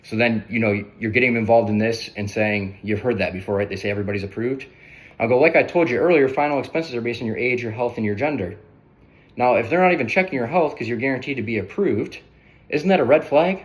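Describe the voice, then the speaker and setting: Fast-talking male sales coach. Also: mid-range voice. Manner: brisk, conversational, often tags on "right?". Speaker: sales trainer.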